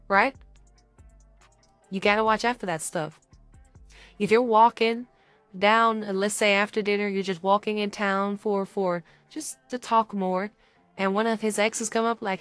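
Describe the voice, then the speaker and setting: Animated young woman podcast co-host. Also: mid-range voice, measured pace, long pauses, no room sound, soft background music. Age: young adult. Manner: animated, acts out little scenes. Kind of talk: casual podcast chat.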